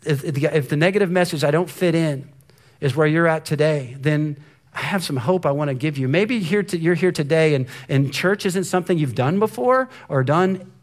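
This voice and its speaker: A man's voice: on the high side, moderate pace. A middle-aged man giving a sermon, telling a story about his son and at times dropping to a near whisper for emphasis. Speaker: pastor.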